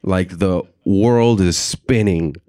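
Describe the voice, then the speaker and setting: A man's voice: low voice, takes it slowly, clean tone, dry recording, studio quality. A young man doing stand-up comedy, telling a long story and acting out the voices of the people in it. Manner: animated, acts out voices and reactions.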